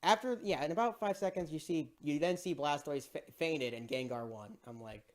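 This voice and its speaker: A movie reviewer in a casual ranting review, excitable and exasperated, swearing and repeating "bro". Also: mid-range voice, normal speed, a little hiss or hum.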